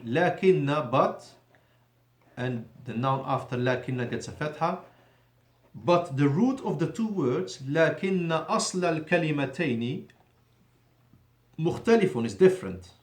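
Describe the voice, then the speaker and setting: A man teaching a language class in a mosque, slowing down to stress key words and correcting himself as he goes. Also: a little high, animated. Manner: deliberate, drawn-out emphasis on key words; switches between Arabic and English, self-correcting. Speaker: Arabic teacher. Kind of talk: classroom lesson. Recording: echoey room.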